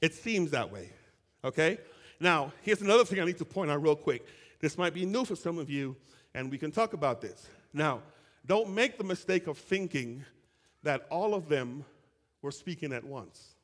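Higher-voiced preacher in a reverberant hall. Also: male voice. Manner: animated preaching with call-and-response questions to the congregation; conversational asides and quick restarts while reading scripture. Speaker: pastor. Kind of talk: sermon. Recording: long reverb of a church hall.

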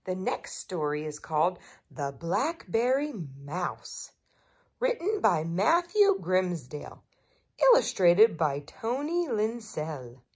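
A woman narrating a children's picture book aloud in an unhurried, gentle storytelling manner. Her voice swoops expressively through each sentence, and it carries a soft, slightly breathy quality. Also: lowish voice, very animated.

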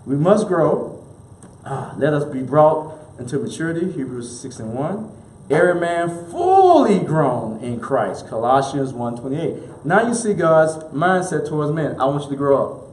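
A man's voice: on the high side, sing-song, measured pace, a little mellow, a little hiss or hum. A male minister preaching a sermon with emphatic repetition, leading the congregation to repeat lines back, sometimes chuckling. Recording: roomy echoey room.

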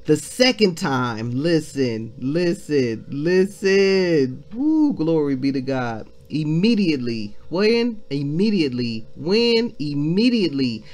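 A woman leading a devotional Bible reading. She comments excitedly as she reads and calls her listeners family. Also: sits low, a little slow, few pauses. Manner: exclaiming, addresses listeners as family. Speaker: devotional leader.

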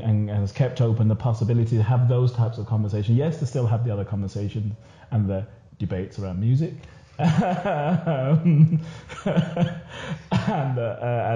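A man's voice: mid-range voice, mellow. A man in a casual podcast discussion, talking earnestly with many repeated words and restarts. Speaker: podcast guest. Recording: echoey room, dull lo-fi sound.

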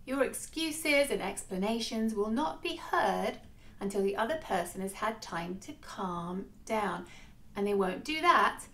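A woman delivers scripted educational narration in a clear, instructive tone. There is a light wry edge to her delivery. Her pitch sits in a medium range. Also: expressive, unhurried, a bit bright.

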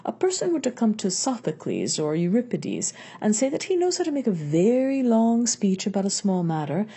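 A woman's voice: medium pitch, wildly swooping pitch, moderate pace, dark tone, breathy edge, pitched above the performer's own voice, heavily acted. A woman reading the lines of an older male philosopher in a patient, questioning manner. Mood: reasoning. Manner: reasoned, questioning delivery.

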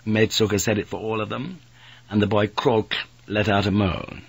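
A man reading an audiobook in an even, unhurried way. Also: lowish voice, gravelly, breathy edge, no room sound. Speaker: audiobook narrator. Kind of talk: audiobook narration.

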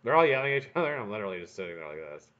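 A man rambles through a casual live stream from his home workbench, his talk full of swearing and joking asides to the chat. His pitch swings a lot, and the stream audio sounds dull and lo-fi. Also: very animated, racing. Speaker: livestream host building vape coils. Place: home workshop room.

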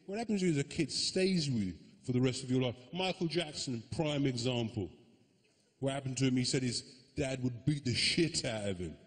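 A man's voice: mid-range voice, brisk. A man doing live stand-up, brash and teasing the crowd, with plenty of swearing. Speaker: stand-up comedian. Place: large comedy venue. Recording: echoey hall, audience noise.

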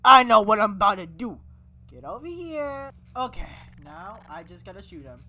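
A woman's voice: medium pitch, sing-song, normal speed, a bit bright. A woman giving live horror-game commentary who shrieks at scares and trash-talks the monster chasing her. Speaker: gaming video creator.

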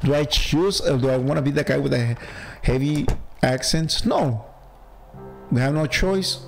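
A man's voice: a little high, normal speed, gravelly, rough recording. A man with a heavy accent chats his way through a playthrough as a gaming channel host. He talks casually and laughs at himself, with faint game music underneath. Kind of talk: casual let's-play commentary.

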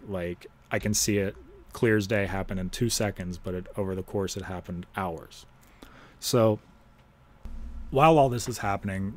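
A young man from Ohio hosting a podcast, telling a personal story in a casual, halting way and swearing freely. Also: low-pitched. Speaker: podcast host.

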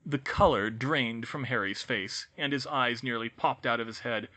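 A man narrating fan fiction as an audiobook in a plain, steady way. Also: mid-range voice, moderate pace, hardly any pauses.

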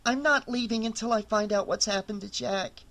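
Audiobook: a man doing a worried, insistent teen girl, high and bright. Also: moderate pace. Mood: urgent. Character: determined, worried teenage girl.

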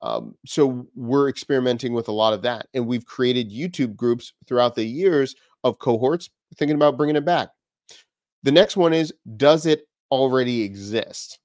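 A man hosting his own channel, giving business advice straight to camera in an energetic way, asking one rhetorical question after another. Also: medium pitch, normal speed, no room sound, clean studio sound. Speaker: business coach and channel host.

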